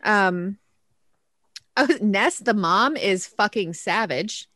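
A woman's voice: medium pitch, takes it slowly, pushed and bright, no echo, studio quality. A woman co-hosting a casual film review chat, giggling often and acting out her own reactions. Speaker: podcast co-host.

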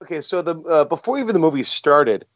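A man's voice: on the high side, very animated, fast, no echo, lo-fi sound. Rambling man telling a story, dry sound. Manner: rambling, self-deprecating, many fillers and restarts. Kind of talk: casual chat.

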